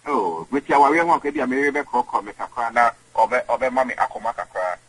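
A man's voice: medium pitch, lively intonation, fairly quick, breathy edge, poor audio. A man with a Ghanaian accent, a guest in an interview, who rambles and repeats words. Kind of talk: conversational interview.

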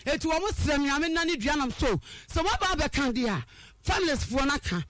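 A woman recounting her own story in a very high, sharp, ringing voice. She tells it with animation, acting out the people she quotes and sometimes raising her voice. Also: sing-song, fairly quick, dry recording. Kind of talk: personal storytelling.

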